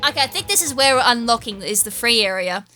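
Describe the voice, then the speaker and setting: A woman's voice: a little high, animated, fast, bright, forceful tone, faint music behind. A young Australian woman giving rambling, self-deprecating let's-play commentary as a gaming YouTuber.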